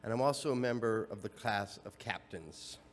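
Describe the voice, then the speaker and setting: A man's voice: lowish voice, normal speed. A man, a district governor-elect, giving formal, appreciative remarks at a conference. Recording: long reverb of a large hall.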